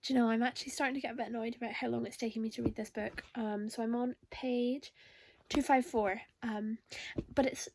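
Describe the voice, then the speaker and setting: A woman's voice: on the high side, steady tone, brisk, gravelly, background noise. A young woman chatting through a reading vlog, reacting with emotional exclamations. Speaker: book vlogger.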